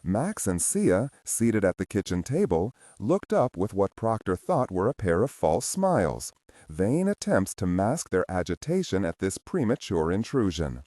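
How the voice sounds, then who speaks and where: A man narrates a thriller audiobook in a low, dark voice. His pitch moves widely as he tells the story in a measured way. The sound is dry and close. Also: no room sound. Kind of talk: scripted narration.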